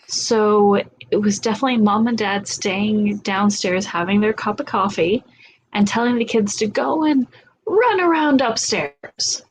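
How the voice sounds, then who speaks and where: A woman's voice: mid-range voice, a little hiss or hum, rough recording. A woman in her thirties hosting a casual chat, telling candid, profane stories. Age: 30s. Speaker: host.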